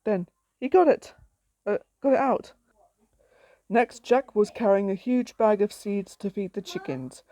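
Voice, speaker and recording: A woman's voice: medium pitch, a little slow, mellow, dry recording. A woman reading her own story aloud in a plain, simple storytelling way.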